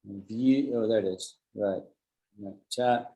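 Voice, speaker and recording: A man's voice: on the low side, slow pace, dark tone, reverberant. A man with a British accent, teaching an online English lesson in a chatty way, explaining with examples and checking that his students follow. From Britain.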